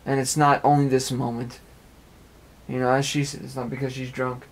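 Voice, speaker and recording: A man's voice: mid-range voice, little pitch movement, moderate pace, slight background noise. A young man talking at length in an earnest, rambling personal monologue, repeating phrases as he goes, recorded in an apartment. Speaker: amateur web radio speaker.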